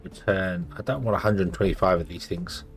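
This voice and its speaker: A man's voice: low-pitched, brisk, faint music behind. A sleepy man casually commenting on his own gameplay, thinking aloud with lots of fillers. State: sleepy, yawning. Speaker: gameplay streamer.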